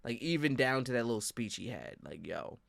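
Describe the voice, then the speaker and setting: A man's voice: mid-range voice, brisk, gravelly, no room sound. Laid-back man hosting a podcast. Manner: loose, rambling, heavy use of "like"; animated, teasing coaching. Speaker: podcast host. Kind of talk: casual chat.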